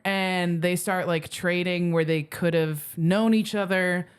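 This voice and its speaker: Woman comedian, podcast guest, clear smooth voice, meandering casual storyteller. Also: on the low side, fairly even intonation, slow. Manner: rambling anecdote full of "like" and "um" fillers.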